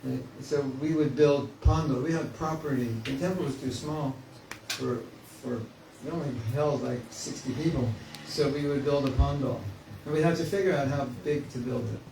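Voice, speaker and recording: A man's voice: medium pitch, fairly even intonation, moderate pace, gravelly, hardly any pauses, recorded from a distance. A man giving a spiritual class in a conversational, joking way, often acting out inner voices. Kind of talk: informal spiritual class talk. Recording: echoey room, mic from afar, faint hiss.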